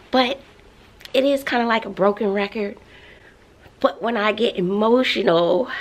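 A woman teacher vlogs straight to the camera from her classroom. Her voice sits at a middling pitch. She talks in an expressive, venting way, laughing and sighing as she goes. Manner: expressive, ranting, sighs and laughs often. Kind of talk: casual vlog talk to camera.

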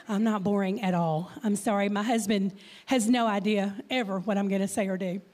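A woman's voice: mid-range voice, steady tone, moderate pace, a little mellow. A woman in her fifties with a Texan accent, giving a chatty guest talk in church, with a slight stutter and lots of questions to the crowd. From Texas. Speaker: guest speaker.

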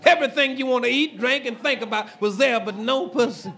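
A man telling a raunchy stand-up story with a loud, shouting delivery. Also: extremely high pitch, brisk. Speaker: stand-up comedian.

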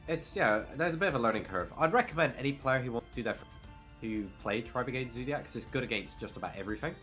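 A man playing a card game and commentating on it, explaining plays in a quick, matter-of-fact way. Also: medium pitch, animated, fairly bright tone. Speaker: player commentating his own card game match. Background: faint background music.

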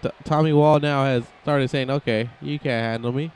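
A young man commentating his own wrestling video game, excitable and joking, swearing often. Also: mid-range voice, moderate pace, a little hiss or hum. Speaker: gaming channel host. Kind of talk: casual gameplay commentary.

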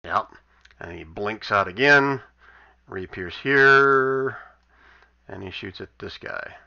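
Gravelly, bright-toned man running a tabletop game. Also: lowish voice, takes it slowly. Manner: wry, amused, narrates monster turns. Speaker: game master. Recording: dull lo-fi voice chat audio.

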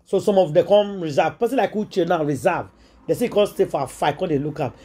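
A woman's voice: lowish voice, a little fast, mellow, slightly rough. A Nigerian woman delivering casual celebrity gossip commentary, hammering each point home again and again. Her tone is preachy and emphatic, slipping easily into Pidgin phrases. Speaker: gossip vlogger.

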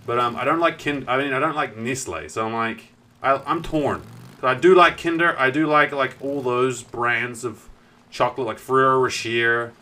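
His accent is thick southern New Zealand, from the South Island, and he's a young man chatting loosely on a gaming live stream. At a moderate pace and in a bright, energetic, middle-pitched voice, he drifts from his tale to welcome viewers and curses casually.

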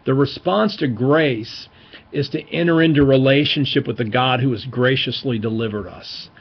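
A man's voice: medium pitch, normal speed, slightly rough, dull audio. A man giving an informal, enthusiastic Bible teaching lecture, stressing key words as he explains.

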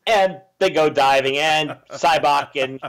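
A man hosts a casual movie review chat, sarcastic and scornful of the plot. His voice sits high for a man. He keeps mocking the characters as he goes. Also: a little slow, a bit bright. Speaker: podcast host.

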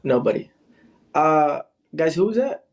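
A man's voice: fairly high pitch, very animated, a little slow. A man on a casual livestream who taunts his rival and calls out to his viewers. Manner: taunting, teasing, calling out to viewers. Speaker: livestreamer in a live battle.

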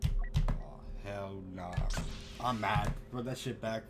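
A young man giving casual, profanity-heavy commentary while playing a video game, swinging from low muttering to sudden loud outbursts. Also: fairly even intonation, takes it slowly, over music. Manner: swings from mumbling to yelling, heavy swearing. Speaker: gamer. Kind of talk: live gameplay commentary.

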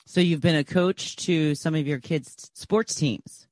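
A man hosting a podcast interview, asking short questions and giving warm encouragement. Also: a little high, measured pace, dry recording. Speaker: podcast host.

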